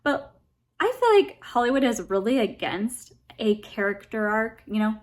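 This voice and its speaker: A woman's voice: fairly high pitch, lively intonation, moderate pace. Rambling, chatty woman reviewer. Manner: rambling, heavy on fillers like "like" and "um"; blunt, laughs between points. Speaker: book and film reviewer. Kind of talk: casual chat.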